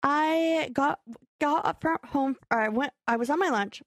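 A young woman co-hosting a casual podcast, her voice sitting fairly high. She tells a story with animation, acts out what people said and laughs often. The sound is close and dry. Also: unhurried, no room sound. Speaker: podcast co-host.

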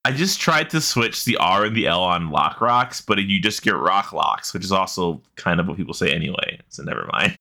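A man's voice: low-pitched, lively intonation, normal speed, creaky, few pauses, pushed and bright. A man in his thirties co-hosting a podcast, joking around and swearing freely in casual chat. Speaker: podcast co-host.

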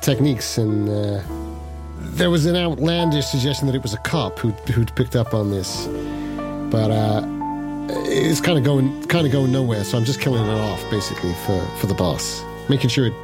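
A man's voice: medium pitch, lively intonation, normal speed, over loud music. A man playing a detective in a tabletop game, casual and hesitant with many fillers. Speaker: player.

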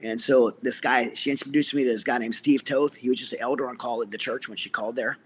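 A man's voice: mid-range voice, fairly even intonation, quick pace, slight background noise. A middle-aged man, a military veteran, earnestly telling his personal story as an interview guest, with many restarts.

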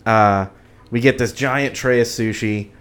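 A podcast host telling a story in a casual chat, relaxed, joking and swearing. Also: male voice, medium pitch, a little slow, clear, resonant tone.

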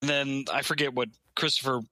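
A man's voice: mid-range voice, level tone, normal speed, bright, forceful tone, dry recording, low-quality recording. A man co-hosting a podcast, telling a rambling movie story in casual chat and laughing as he goes. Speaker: podcast co-host.

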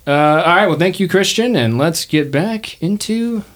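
A man hosting a tabletop game podcast, his voice lively and bouncing up and down, a little higher than most. He jokes around and plays with his words. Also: moderate pace. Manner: playful, jokey, slips into character voices. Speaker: podcast host and player.

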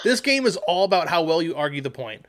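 A man's voice: a little high, sing-song, quick pace, a bit bright. A man hosting a casual podcast, playfully running a party game and laughing often.

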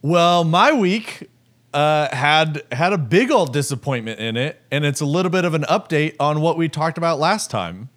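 A young man with a slightly higher voice, co-hosting a podcast. He tells stories in a loose, chatty way and drops "like" all through his talk. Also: animated, normal speed, a bit bright. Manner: chatty storyteller, many "like" fillers. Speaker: podcast co-host. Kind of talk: casual chat.

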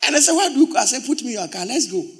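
A male pastor preaching a sermon. He repeats words for emphasis and swings from loud exclamations to low, quiet storytelling. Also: animated, very fast.

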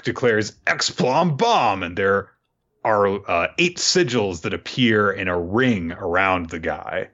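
A man's voice: on the low side, lively intonation, takes it slowly, a bit bright, lo-fi sound. A man casually recapping a manga chapter on a podcast, laid-back and chuckling, with lots of fillers. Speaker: podcast co-host.

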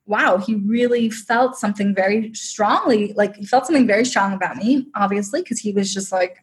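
This woman's mid-range voice moves fairly quickly, with hardly any pauses, as she tells a personal story on a podcast. She's emotional and chatty and uses "like" constantly.

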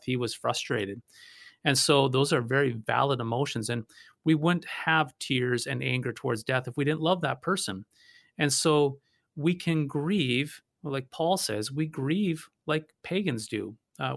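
A man, a pastor, talking through theology in an earnest, measured way, often restarting his sentences. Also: mid-range voice, gravelly, a bit bright, dry recording, clean studio sound. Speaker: pastor and guest. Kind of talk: conversational theology discussion.

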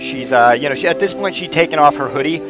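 A man's voice: a little high, fast, music in the background. A man in his thirties telling a personal story in a rambling, profane way, often repeating words. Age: 30s.

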